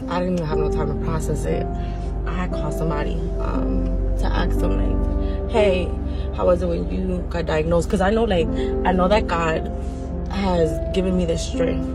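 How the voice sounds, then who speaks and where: A young woman telling a personal story to camera in a rambling, casual way. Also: on the low side. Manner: rambling, many fillers and "like". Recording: loud music playing under the voice.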